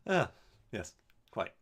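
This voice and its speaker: A man from Canada streaming a game, chatting casually and rambling with wry asides while he answers his live chat. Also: a bit bright.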